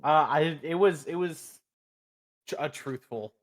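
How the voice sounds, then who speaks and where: Man, tabletop player, slow speech, hesitant, giggly, higher pitch. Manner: giggly, hesitant, repeats words. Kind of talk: casual tabletop game play.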